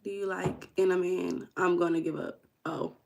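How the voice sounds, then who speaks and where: A woman's voice: lowish voice, fairly even intonation, moderate pace, gravelly, a little mellow, slight background noise. Chatty Midwestern woman hosting a livestream. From Midwest, United States. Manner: chatty, playful, teasing, calls out names from the chat. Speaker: live stream host. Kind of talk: casual livestream chat, reading the chat aloud. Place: home room.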